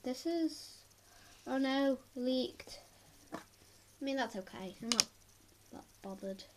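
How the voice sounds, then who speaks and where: A woman with a cold, sniffling as she reviews slime in a chatty, excitable way at home, often gasping and exclaiming. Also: sits high, slow pace. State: has a head cold, sniffling. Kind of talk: casual unboxing chat. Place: at home, filming on the floor. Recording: loud background noise and clicks.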